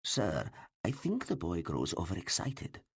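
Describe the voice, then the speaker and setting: A man's voice: a little high, wildly swooping pitch, moderate pace, vocal fry, breathy edge, dry recording, clean studio sound, voice pushed up, heavily acted. A man voicing a fussy, cautious court doctor in an audiobook. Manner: fussy, concerned. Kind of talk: audiobook character voice.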